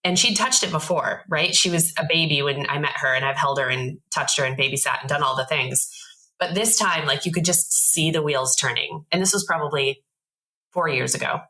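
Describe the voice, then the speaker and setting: In a casual podcast story, this thirtysomething guest gets animated and voices each character she quotes. She speaks fairly quickly in a low-pitched voice over a rough recording.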